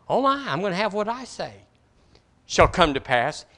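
A male pastor preaching a sermon emphatically, rising to strong declarations and dropping to quiet asides. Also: high voice, lively intonation, a little slow.

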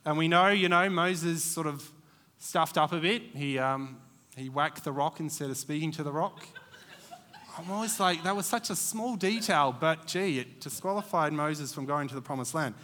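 A man's voice: on the high side, normal speed, pushed and bright, big-room sound. A man preaching a church sermon in a conversational, digressive way, with many fillers.

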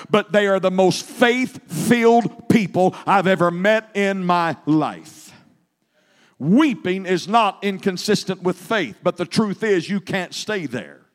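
Man, pastor preaching a sermon, high voice, long hall reverb, measured then fervent delivery. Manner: builds from low, measured phrases to loud, fervent preaching.

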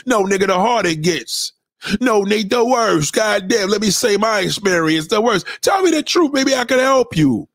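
A man on a livestream rants with loud, profane energy, often breaking into mocking impressions. His voice sits high and swings widely in pitch. The sound is dry and close, with no room around it. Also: moderate pace, no room sound. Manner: loud, profane, animated ranting with mocking put-on quotes. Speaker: livestream host. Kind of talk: ranting livestream commentary.

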